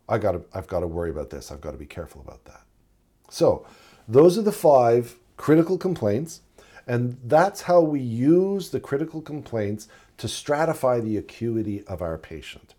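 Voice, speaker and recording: Mellow-voiced paramedic teaching casually. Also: male voice, medium pitch. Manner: conversational, acts out patient dialogues. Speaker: paramedic instructor. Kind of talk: casual spoken lecture.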